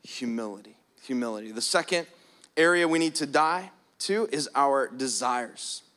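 A man preaching a sermon, shifting between quiet prayerful passages and loud emphatic stretches. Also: medium pitch, animated, moderate pace. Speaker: pastor.

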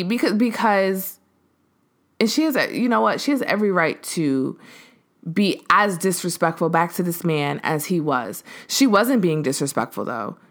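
Woman podcast host with a lowish voice, animated casual storytelling, acts out the voices of others. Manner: animated, acts out quoted voices, frequent fillers.

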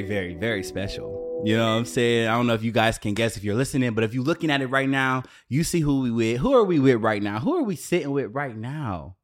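A man hosting a podcast in casual chat, playful and animated. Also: mid-range voice, fast, hardly any pauses, faint music behind. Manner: animated, playful, hypes the guest. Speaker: podcast host.

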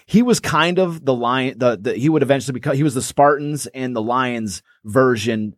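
A man's voice: mid-range voice, normal speed, no room sound, studio quality. A man co-hosting a podcast, chatting casually about sports history and rambling with many restarts and fillers. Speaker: podcast co-host.

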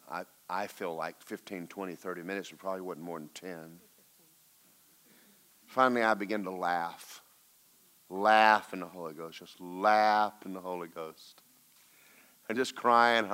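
Male pastor, lowish bright voice, storytelling sermon, loud urgent peaks dropping to hushed asides. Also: steady tone, normal speed, clear, resonant tone. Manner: swings from loud urgent exhortation to hushed recounting.

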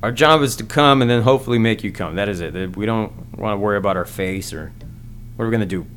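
A man's voice: lowish voice, quick pace, a bit bright, a little hiss or hum. Male solo podcast host; crude, rambling comic rant with lots of stammering restarts.

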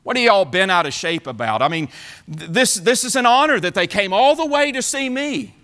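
A man preaching who voices a boastful, excited ancient king eagerly showing off his treasures, tripping over his words. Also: fairly high pitch, fairly quick. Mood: pleading.

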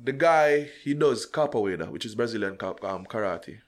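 A man with a Jamaican accent, co-hosting a podcast in a relaxed chat, slipping into patois and restarting his sentences often. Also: on the low side, moderate pace. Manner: animated, patois-mixed banter with frequent restarts. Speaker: podcast co-host. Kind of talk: casual chat.

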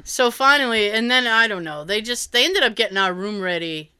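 A woman telling a travel story on a casual chat podcast, animated, swearing freely and laughing often. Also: fairly high pitch, normal speed, clean tone.

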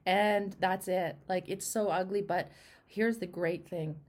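A woman's voice: fairly low pitch, steady tone, unhurried. Impassioned woman interviewer, emphatic and repetitive. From Canada. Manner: impassioned, repetitive, swings from loud to hushed. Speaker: host. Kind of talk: emotional interview conversation.

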